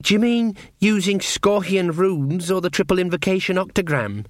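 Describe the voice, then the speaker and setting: A nervous, earnest young woman witch, voiced by a male reader, pitched far above his own voice. She stammers and hesitates, heard up close in a dry recording. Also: moderate pace, dry recording, lightly acted.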